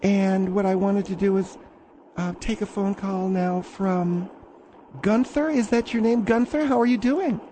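A man voicing a fussy high-voiced woman radio host. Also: unhurried, warm tone, slight background noise. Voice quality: fussy, calls callers dear and honey. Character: prim middle-aged woman radio host filling in. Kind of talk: comedy radio call-in show.

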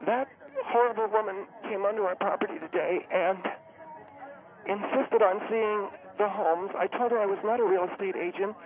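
A man performs a fussy, well-off, high-strung woman who serves as a community spokeswoman. She's flustered, speaking haltingly and hesitantly with lots of fillers, and grows panicky and breathless as it goes on. The audio has a tinny, phone-line radio quality.

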